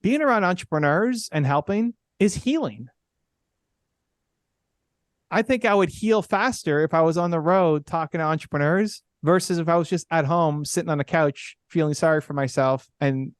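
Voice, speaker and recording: A man's voice: fairly high pitch, normal speed, no room sound, studio quality. A middle-aged man, a podcast guest, telling a candid personal story in an earnest way, full of "like" and "right?".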